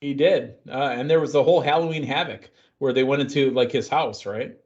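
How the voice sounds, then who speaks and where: Man, podcast host, excitable, joking, storytelling, medium pitch, muffled lo-fi audio. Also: brisk. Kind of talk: casual wrestling chat. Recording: dull lo-fi sound.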